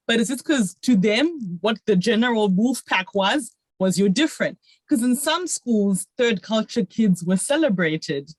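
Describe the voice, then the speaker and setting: A woman's voice: a little high, lively intonation, unhurried, few pauses, dry recording. A young woman from Zimbabwe, chatting on a podcast in long, reflective, winding runs full of "like". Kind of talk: casual podcast chat.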